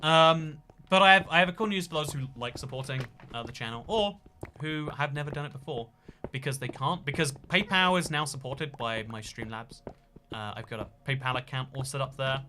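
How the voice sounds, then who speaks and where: Bright-voiced rambling male streamer. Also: medium pitch, a little fast, a little hiss or hum. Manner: rambling and jokey, full of fillers and restarts. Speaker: livestream host reading chat donations. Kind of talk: casual livestream chat.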